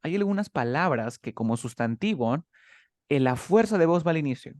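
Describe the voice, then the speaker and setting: Male English tutor, animated and patient, bilingual explanations, lively pitch. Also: fast talker, no echo, studio quality. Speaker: English teacher.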